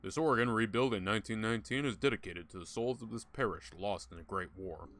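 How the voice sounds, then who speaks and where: A man's voice: lowish voice, quick pace, a bit bright. A man giving casual gameplay commentary, joking, swearing often and talking to game characters. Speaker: gaming YouTuber.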